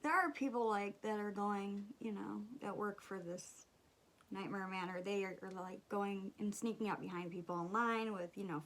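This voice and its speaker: A young woman, chatting and telling a story while doing her makeup, animated and swearing casually. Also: mid-range voice, vocal fry. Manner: animated, swears casually, drops to whispers at times. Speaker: beauty vlogger.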